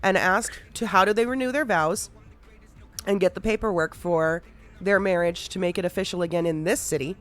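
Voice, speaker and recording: A woman's voice: lowish voice, moderate pace, faint music behind. A woman hosting a podcast, chatting casually and recounting a roleplay story with frequent laughs and casual swearing. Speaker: podcast host.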